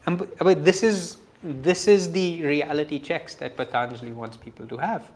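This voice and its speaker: A man's voice: fairly high pitch, normal speed. Earnest man teaching scripture. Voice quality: earnest and self-deprecating, with frequent soft laughs. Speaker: spiritual teacher. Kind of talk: reflective scripture talk.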